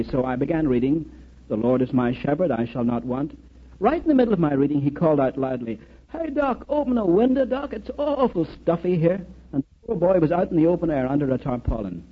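With a medium-pitched, slightly rough voice, a man who once served as a military chaplain lectures earnestly, mixing in anecdotes and rhetorical questions. The recording is dull and lo-fi.

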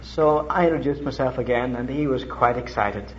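Middle-aged male preacher from Ireland, lively storytelling sermon, muffled old recording. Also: normal speed, a little hiss or hum. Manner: animated storytelling with dramatic pitch leaps.

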